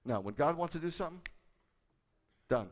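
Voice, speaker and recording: A man who is a rabbi, preaching a sermon emphatically and shifting between loud bursts and low confiding asides. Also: expressive, moderate pace. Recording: echoey hall with a long tail.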